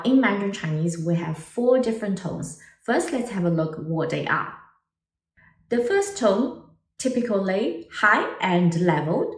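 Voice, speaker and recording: Lively woman teaching Mandarin tones. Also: medium pitch, reverberant, distant mic. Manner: animated, exaggerated tone demonstrations. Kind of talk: online language lesson.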